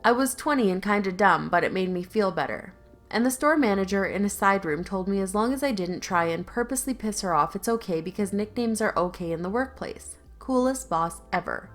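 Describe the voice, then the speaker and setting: A woman's voice: mid-range voice, lively intonation, brisk, soft background music. A woman narrating online stories aloud in a conversational, lightly sarcastic reading style, with casual asides. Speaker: YouTube story narrator.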